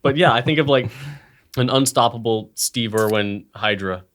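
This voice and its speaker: A man in easy, joking conversation, middle pitch, wandering from one silly idea to the next. He rambles with a playful, offhand lilt, like a co-host among friends. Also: normal speed, fairly bright tone. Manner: playful, rambling, puts on silly voices for jokes. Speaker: podcast co-host. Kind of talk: casual chat.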